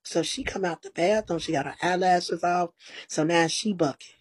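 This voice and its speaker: A woman guest telling a long story in a casual, animated, profane way, full of quoted back-and-forth dialogue and sounding tired. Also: fairly low pitch, normal speed, slightly rough, no echo, low-quality recording.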